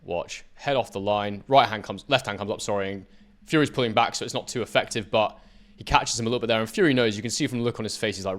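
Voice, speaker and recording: Fast-talking man breaking down fight footage. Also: on the low side, fairly bright tone. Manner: emphatic, talks straight to viewers. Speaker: boxing analyst.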